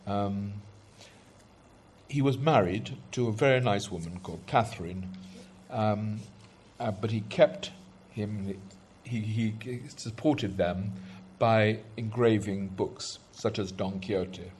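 A man speaks in a low voice, pausing often with ums and small restarts as he gives background. A faint hiss sits under the recording. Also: darkish tone. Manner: hesitant, many ums and restarts. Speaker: speaker introducing poems. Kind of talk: conversational talk.

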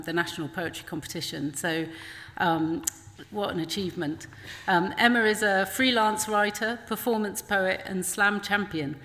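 A woman, the festival director, introducing an event and its poets with many ums. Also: mid-range voice. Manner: warm, filler-heavy introducing. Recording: hall reverb with faint noise.

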